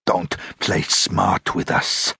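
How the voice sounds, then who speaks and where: A man's voice: low-pitched, level tone, vocal fry, pushed and bright, slightly rough, no room sound, studio quality, exaggerated voice. A man voicing a massive, violent castaway who growls and snarls. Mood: menacing. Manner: growling, hissing, quick to fury.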